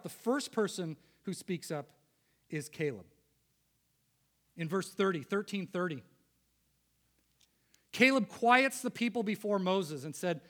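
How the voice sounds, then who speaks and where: Male preacher, high-pitched, emphatic sermon delivery with swells and drops. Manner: emphatic, builds to loud peaks then drops low.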